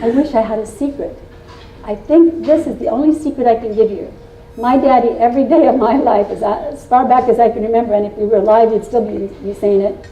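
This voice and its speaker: A woman's voice: on the high side, fairly quick, mellow, highs cut off. A woman in her sixties from Indiana, giving a storytelling keynote to a live audience in a folksy, playful and confiding way, with teasing asides to the crowd. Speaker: keynote speaker. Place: meeting room with a live audience. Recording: roomy hall from a distant mic.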